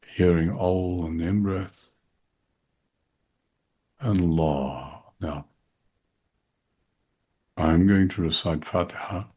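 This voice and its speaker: A very deep male voice leads a meditation, unhurried and soft-spoken. He is a middle-aged man, calm as he guides the listener. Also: husky. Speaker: shaikh leading guided meditation. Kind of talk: guided meditation and dhikr instruction.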